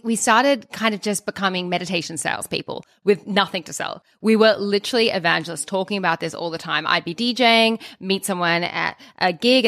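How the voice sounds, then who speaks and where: A woman, a podcast co-host telling her story in an animated, fast way with many restarts. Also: medium pitch, dry recording, studio quality.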